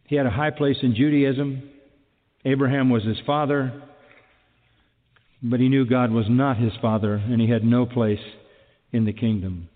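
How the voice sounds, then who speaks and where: A man's voice: mid-range voice, fairly even intonation, moderate pace, pauses often, in a large hall, phone-quality sound. A man preaching a sermon emphatically, repeating key phrases and asking rhetorical questions.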